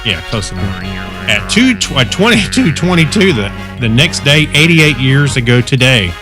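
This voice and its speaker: A man's voice: mid-range voice, big pitch swings, normal speed, over loud music. A man co-hosting a casual podcast, joking and stumbling over words as he reads. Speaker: podcast co-host. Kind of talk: casual group chat.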